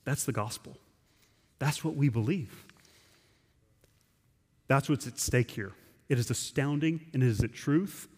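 Man, pastor, mid-pitched, conversational and emphatic sermon delivery, reverberant church hall. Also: a little mellow. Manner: conversational, emphatic preaching with frequent restarts. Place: church sanctuary.

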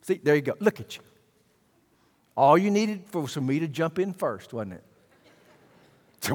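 Pastor preaching in a reverberant church. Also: male voice, very animated, measured pace, pauses often. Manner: conversational preacher, swings from low asides to loud bursts. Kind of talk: sermon.

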